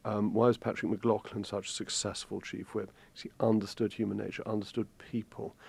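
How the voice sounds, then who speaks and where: A man from England in his fifties, a guest talking politics in a measured way, hesitating with ums. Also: fairly low pitch, level tone, gravelly, darkish tone, slightly rough. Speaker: guest commentator. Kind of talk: political discussion.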